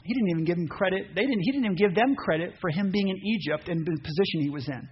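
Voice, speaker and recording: A man preaching a sermon, animated, acting out voices and reading scripture aloud. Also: high voice, fast talker. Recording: dull muffled sound with faint noise.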